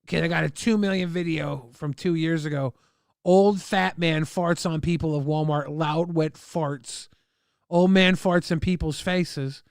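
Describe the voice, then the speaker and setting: A man streaming live, chatting casually and reacting to videos with excitable, profane outbursts. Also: on the high side, measured pace, creaky, clear, resonant tone, no echo, studio quality.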